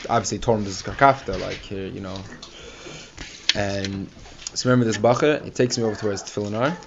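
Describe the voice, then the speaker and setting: A man's voice: fairly low pitch, quick pace, creaky. A man casually telling a personal story, rambling with many fillers and acting out the people he quotes. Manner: rambling, filler-heavy, animated quoting of others. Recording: dull lo-fi recording with faint hiss.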